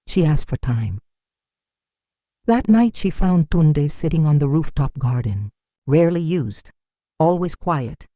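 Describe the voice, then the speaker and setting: Story narrator, mellow tone, animated delivery, dry close sound. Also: mid-range voice, measured pace, pauses often, no echo.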